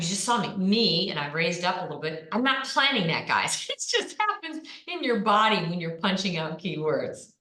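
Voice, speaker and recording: A woman's voice: medium pitch, fairly bright tone. A woman coaching people on presenting online, speaking with energy and punching out keywords. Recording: echoey room.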